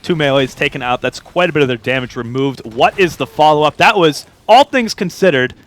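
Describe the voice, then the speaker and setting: A man's voice: a little high, animated, a little fast. A young man giving analytical esports color commentary, explaining mechanics and teasing his co-caster. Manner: chatty, explains mechanics, teasing, laughs often.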